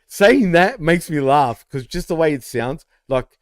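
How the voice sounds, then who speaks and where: A male co-host chatting loosely about wrestling, cursing freely and often breaking into laughter. His voice sits a little high for a man. The sound is dry and close to the mic. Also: lively intonation, slow, no echo. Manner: swears a lot, laughs often, teasing. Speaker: podcast co-host. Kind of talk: casual wrestling chat.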